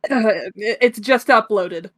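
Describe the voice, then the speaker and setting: A woman's voice: on the high side, measured pace, fairly bright tone. A woman co-hosting a casual gaming podcast, giggling often as she explains things. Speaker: podcast co-host. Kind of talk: casual chat.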